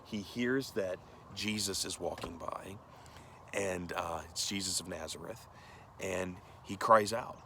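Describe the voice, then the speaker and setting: A man's voice: sits low, steady tone, a little slow, bright, forceful tone, a little hiss or hum. A male pastor giving a conversational sermon, earnest and direct, often asking the listeners questions.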